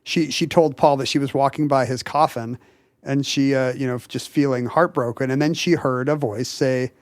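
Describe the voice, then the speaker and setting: A podcast co-host tells a story in casual chat, full of fillers and restarts. His mid-range voice has fairly even intonation at normal speed, recorded cleanly in a studio without echo.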